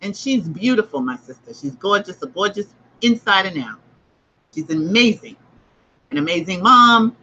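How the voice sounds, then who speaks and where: A woman's voice: mid-range voice, expressive, moderate pace, pushed and bright, lo-fi sound, slight background noise. A woman hosting a livestreamed spiritual book discussion, emphatic and repetitive as she makes her points. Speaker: host.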